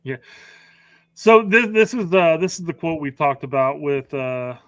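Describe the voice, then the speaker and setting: Co-host: middle-aged man, high-ish bright voice, salty and animated, dry close sound. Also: measured pace, no echo. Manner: profane and animated, with joking quoted asides. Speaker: podcast co-host. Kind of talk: casual soccer chat.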